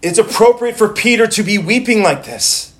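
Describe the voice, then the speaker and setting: A man's voice: high-pitched, animated, normal speed. A male pastor preaching a sermon in a conversational way, often restarting and repeating words as he goes.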